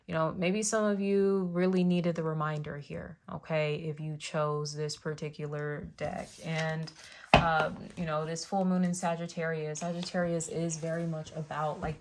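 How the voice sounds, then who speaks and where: A woman's voice: on the low side, slight background noise. A woman giving a casual spiritual tarot reading, rambling with many fillers and restarts. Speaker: tarot reader.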